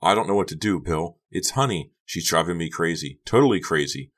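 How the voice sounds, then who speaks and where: A man voicing a high-strung, upset teenage girl who talks shrilly and anxiously in an audiobook. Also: lively intonation, moderate pace, a bit bright. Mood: distraught. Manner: shrill and agitated. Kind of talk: audiobook character voice.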